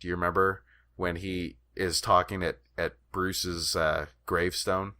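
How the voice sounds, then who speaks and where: A man's voice: low voice, little pitch movement, measured pace, bright, forceful tone. A man co-hosting a podcast in casual chat, a rambling storyteller who laughs often and swears casually. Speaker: podcast co-host.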